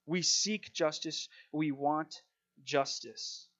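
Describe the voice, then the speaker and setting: A man with a somewhat high-pitched voice delivers a sermon, first reading scripture with dramatic emphasis. He then moves into relaxed, conversational preaching with everyday fillers. The recording sounds dull and muffled. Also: slow pace.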